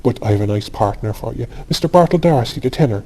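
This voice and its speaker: A man voicing an eager young woman who politely pairs up dance partners in a quick, coaxing way. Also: medium pitch, expressive, dark tone, poor audio.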